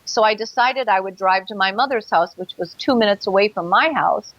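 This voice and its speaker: A woman guest tells her personal story in an interview, earnest and vivid, pausing on fillers as she recalls details. Her voice sits at an ordinary pitch. The sound is dry and a little dull, with no room echo.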